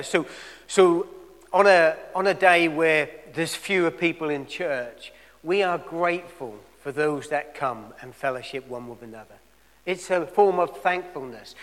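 Preacher man in a reverberant church. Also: on the high side. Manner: dynamic, rising to loud emphatic peaks and dropping to quiet asides. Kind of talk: sermon.

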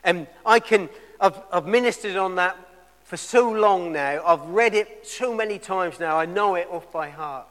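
Male preacher, sermon, dynamic loud and soft delivery, slightly high voice, echoing church hall. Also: a little slow. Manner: dynamic, rising to loud emphatic peaks and dropping to quiet asides.

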